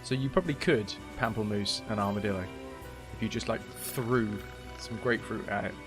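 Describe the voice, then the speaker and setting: A man's voice: on the low side, fairly quick, music in the background. Chatty man streaming a game. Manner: rambling, chatty, jokey. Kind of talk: casual gameplay commentary.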